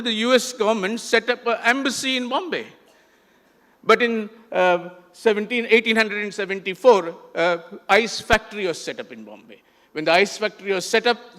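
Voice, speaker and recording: A man's voice: high-pitched, fairly bright tone. An older man with an Indian English accent giving a conversational talk to an audience, with frequent fillers and restarts. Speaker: festival speaker. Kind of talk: illustrated talk with slides. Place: large lecture hall. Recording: echoey hall with long reverb.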